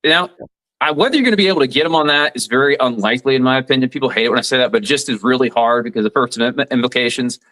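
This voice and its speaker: A man's voice: mid-range voice, racing, sharp tone, rough recording. Forty-something man explaining law plainly. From southeast Alabama, USA. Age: 40s. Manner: explanatory, many restarts, plain-spoken legal analysis. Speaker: radio commentator and former attorney. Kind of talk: casual interview conversation.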